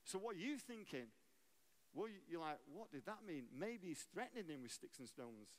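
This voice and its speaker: A man's voice: on the high side, sing-song, normal speed. A man giving a sermon as a guest preacher, conversational and joking, asking the audience questions.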